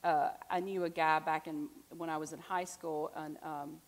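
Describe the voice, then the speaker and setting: A woman's voice: sits low, moderate pace, poor audio. A woman giving a conversational sermon, telling stories and asking the congregation rhetorical questions. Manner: chatty, animated storytelling with rhetorical questions to the congregation. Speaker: preacher.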